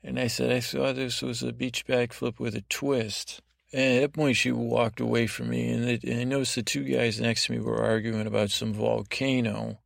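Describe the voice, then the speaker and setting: A man hosting a podcast, telling a meandering, deadpan improvised bedtime story. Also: medium pitch, moderate pace, creaky, no room sound, clean studio sound. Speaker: podcast host.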